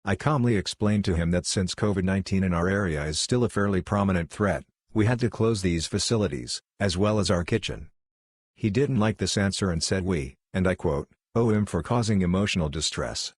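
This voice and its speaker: A man reading online posts aloud in a flat, even narrating style. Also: low-pitched, a little fast, dry recording, studio quality.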